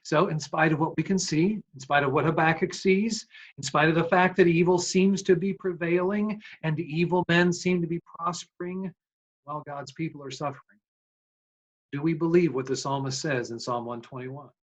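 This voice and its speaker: A man's voice: on the high side, steady tone, normal speed, highs cut off. A male pastor preaching an earnest, emphatic sermon, often asking rhetorical questions. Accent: American.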